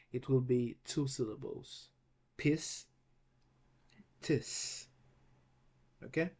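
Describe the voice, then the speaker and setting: A man gives a recorded lesson, talking slowly and patiently at a middle pitch. He spells words out sound by sound and keeps checking in with his listeners. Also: a little mellow. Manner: slow and patient, repeats words and checks with "okay?". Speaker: Greek teacher.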